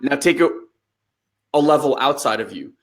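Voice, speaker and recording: A man in his thirties co-hosting a podcast, telling a story in a loose, animated way and acting out the lines he quotes. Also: medium pitch, moderate pace. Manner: animated storytelling, acts out quotes, swears casually. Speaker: podcast co-host. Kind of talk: casual conversation.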